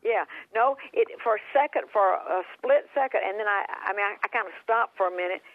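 Woman guest over a phone line, earnest testimony, halting restarts. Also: medium pitch, no room sound. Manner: earnest, with frequent repeats and restarts. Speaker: guest minister telling a healing testimony.

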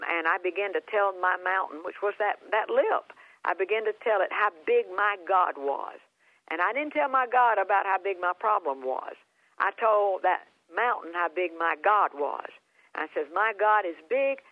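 Woman guest over a phone line, earnest testimony, halting restarts. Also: medium pitch, no room sound. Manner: earnest, with frequent repeats and restarts. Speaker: guest minister telling a healing testimony.

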